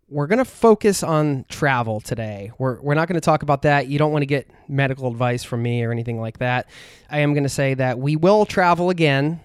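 Male podcast host, earnest and rambling, smooth clear tone, dry sound. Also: medium pitch, no room sound. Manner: earnest, rambling with many fillers. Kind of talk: heartfelt podcast intro and interview.

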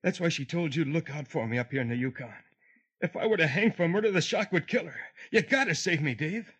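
An actor playing a panicky, weak younger brother in a 1950s radio drama, frantic and pleading. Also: male voice, fairly high pitch, animated, fast talker, fairly bright tone, husky. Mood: subdued.

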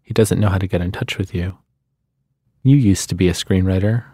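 A man reading the part of Howard, a gently insistent adult man who quietly coaxes his friend. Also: deep voice, brisk, dry recording, studio quality.

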